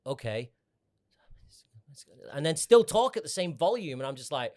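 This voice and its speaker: رجل بريطاني صاخب يحكي بحيوية. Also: male voice, on the high side, fast. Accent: British. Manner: loud, animated storyteller. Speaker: podcast co-host. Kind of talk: casual chat.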